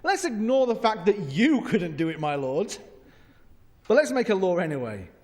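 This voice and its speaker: A preacher putting on a fawning Glaswegian advisor. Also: male voice, high voice, very animated, normal speed, a little mellow, in a large hall. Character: scheming male royal advisor, fawning.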